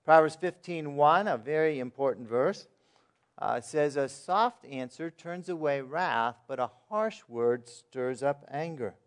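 A man's voice: a little high, lively intonation, measured pace, clear, resonant tone. A man preaching a sermon in a plain, conversational way, asking his listeners questions and reading verses aloud. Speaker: pastor.

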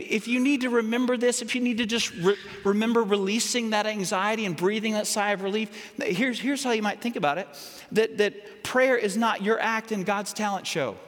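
A man's voice: high-pitched, a bit bright. A male pastor preaching a sermon in a loose, conversational way, sometimes acting out mock voices. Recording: church hall reverb.

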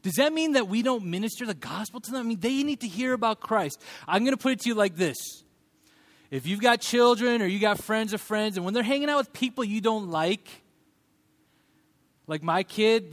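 A man in his thirties preaching a sermon, animated and humorous, acting out quoted voices of his children and others. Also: sits high, brisk. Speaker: pastor.

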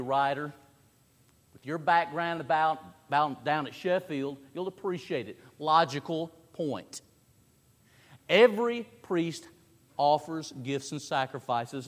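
A man preaching an expository sermon, emphatic, asking rhetorical questions and swinging between loud and quiet. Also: on the high side. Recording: long reverb of a large hall.

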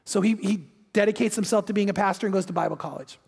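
A man's voice: high-pitched, quick pace, gravelly, slightly rough. A man preaching a sermon, telling a story with energy and acting out the voices of the people in it. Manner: energetic, acts out quoted voices. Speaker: pastor. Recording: long hall reverb.

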